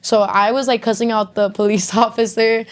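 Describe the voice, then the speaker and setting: A woman's voice: a little high, little pitch movement, a little fast. Young woman, podcast guest, candid storytelling, frequent swearing, "like" after every few words. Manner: candid, swears often, says "like" constantly. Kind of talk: casual personal storytelling.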